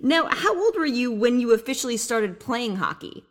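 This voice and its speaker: A woman's voice: fairly high pitch, very animated, moderate pace. Upbeat woman podcast host. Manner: upbeat, reads scripted intros then chats. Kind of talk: podcast interview.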